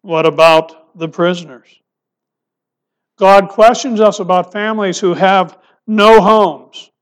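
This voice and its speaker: A male pastor preaching a sermon, asking rhetorical questions and dropping his voice soft for emphasis. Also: high voice, steady tone, slow pace, clear, resonant tone.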